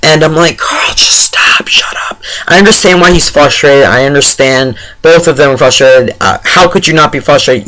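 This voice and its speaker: A man's voice: mid-range voice, a bit bright, a little hiss or hum, rough recording. A man giving a casual, rambling spoiler review of a TV episode, full of fillers and exasperated asides.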